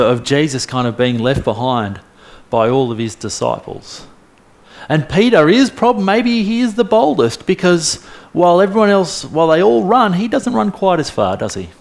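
A man preaching a sermon, retelling a story in a lively way with humorous asides. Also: mid-range voice.

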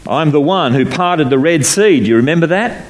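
Male pastor preaching with animated emphasis. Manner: emphatic, swings between low solemn and raised animated delivery; slows down to stress scripture phrases. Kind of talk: sermon. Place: church hall before a congregation.

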